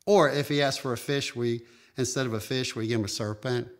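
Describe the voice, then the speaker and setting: A man preaching a sermon as pastor, emphatic, with sudden jumps in pitch and stretched-out phrases. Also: steady tone, fairly quick.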